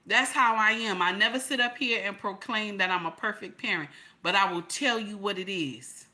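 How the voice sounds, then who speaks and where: A middle-aged woman talking casually to her viewers, emphatic and repetitive, building to loud peaks. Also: medium pitch, moderate pace, few pauses. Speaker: channel host.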